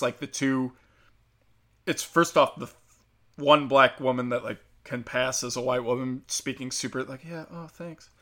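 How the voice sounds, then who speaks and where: A man's voice: fairly high pitch, sharp tone. A young man hosting a casual, heated commentary, sarcastic and profane, with lots of fillers. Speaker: commentary host.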